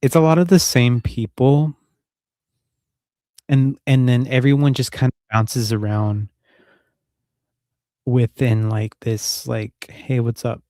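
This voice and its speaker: A man's voice: medium pitch, steady tone, takes it slowly, long pauses, dark tone, dry recording, clean studio sound. Rambling, foul-mouthed male streamer. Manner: rambling, profane, joking. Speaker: livestream host. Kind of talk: casual live-stream chat. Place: at home.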